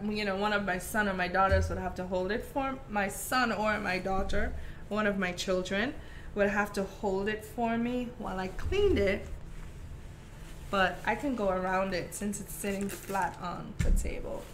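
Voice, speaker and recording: A woman from Saint Croix with a softened Virgin Islands Caribbean accent, chatting casually with viewers during a live craft tutorial. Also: mid-range voice, moderate pace, a little hiss or hum. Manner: chatty, talks to viewers by name with many fillers. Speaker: craft stream host.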